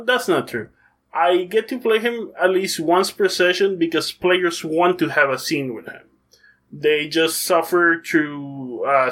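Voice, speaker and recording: A man's voice: a little high, a bit bright. A man who runs a tabletop game, chatting in an interview in an enthusiastic, rambling way and correcting himself as he goes. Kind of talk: casual interview chat.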